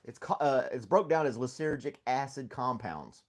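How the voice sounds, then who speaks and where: A middle-aged man chatting with his live stream audience in a loose, rambling way. He laughs often and talks easygoing and unhurried, with a voice of ordinary pitch. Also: expressive. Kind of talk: casual chat with live chat viewers.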